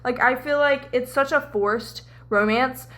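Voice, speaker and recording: A young woman chatting casually in a book vlog, animated and swearing freely as she acts out scenes. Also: high-pitched, a little slow. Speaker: book vlogger. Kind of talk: casual chat.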